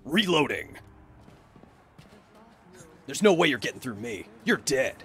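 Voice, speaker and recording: A man putting on a gruff video game tough guy. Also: very animated, a little slow, a bit bright. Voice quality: low gruff.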